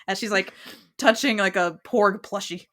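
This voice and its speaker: A woman's voice: medium pitch, a bit bright. A woman co-hosting a casual TV recap podcast, explaining show lore in a chatty way with plenty of fillers. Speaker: podcast co-host.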